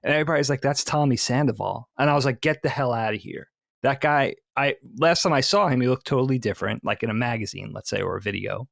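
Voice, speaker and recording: A man from the Philadelphia area telling an animated story in casual podcast chat. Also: mid-range voice, gravelly, no room sound, clean studio sound. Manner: animated storyteller, quick asides. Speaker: podcast co-host.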